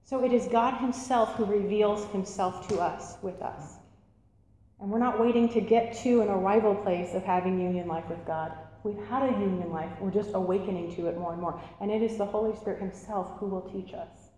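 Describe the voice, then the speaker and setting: A woman teaching an interactive sermon, animated and laughing, asking the audience questions. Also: medium pitch, a little fast. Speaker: church teacher. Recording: echoey hall, faint room noise.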